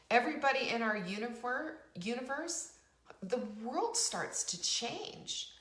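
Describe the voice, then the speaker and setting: Middle-aged woman host, lively preachy motivational delivery, echoey room. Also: mid-range voice. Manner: emphatic, preachy, repeats phrases, asks the audience questions. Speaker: show host. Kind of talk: motivational talk to a live online audience.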